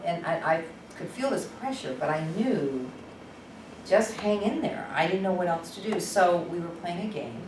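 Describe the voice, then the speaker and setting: An animated woman workshop presenter telling a story in a loose, conversational way. Her voice sits slightly low and sounds distant. It is captured in an echoing room with steady background noise. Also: fairly quick. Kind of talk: storytelling teaching talk. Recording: echoey room from far off, noisy.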